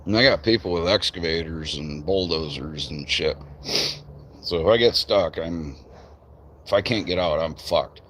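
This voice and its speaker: A man's voice: deep voice, moderate pace, fairly bright tone, slight background noise. A man from Michigan who runs a tree business, chatting casually and swearing freely on a live stream from an outdoor work site. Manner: swears freely, loose rambling talk.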